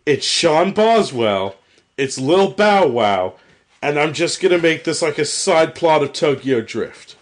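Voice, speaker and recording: A man chatting on a comedy podcast, riffing excitedly about movies. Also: fairly high pitch, slow. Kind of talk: casual comedic podcast chat.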